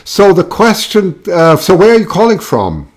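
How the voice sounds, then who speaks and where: A man's voice: high-pitched, huge pitch swings, moderate pace. A man hosting a live call-in show, chatting casually and rambling, with lots of fillers and restarts.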